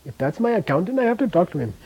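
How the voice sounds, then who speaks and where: Fast and very animated, with a voice that sits high, this language teacher repeats sounds for pronunciation drills and checks on the students, frequently trailing off quietly at phrase ends. The audio is poor, with slight background noise.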